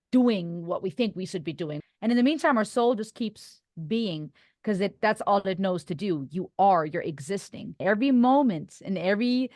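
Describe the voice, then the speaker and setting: An earnest woman hosting a podcast interview, her first language German. She muses reflectively and laughs easily. Her voice sits at a middle pitch and sounds dry and close. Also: darkish tone, no echo. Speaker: podcast host.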